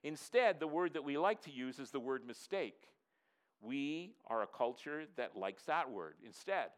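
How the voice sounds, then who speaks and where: A man's voice: medium pitch, animated, measured pace, smooth. Earnest man preaching a sermon. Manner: earnest, repetitive preaching, rising and dropping to near-quiet for emphasis; asks the audience to respond. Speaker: pastor.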